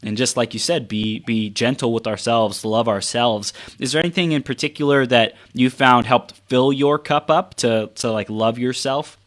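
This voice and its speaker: A man with a mid-range voice hosts a coaching podcast, tossing in quick affirmations and asking thoughtful follow-up questions. His delivery is relaxed and conversational. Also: mid-range voice. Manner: supportive listener, frequent short affirmations. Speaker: podcast host. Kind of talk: interviewing, casual chat.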